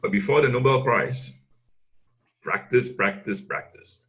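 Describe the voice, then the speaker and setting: A man's voice: mid-range voice, measured pace, fairly bright tone, lo-fi sound. A man coaching on a video call as a speaker trainer, emphatic and repeating words to push his points.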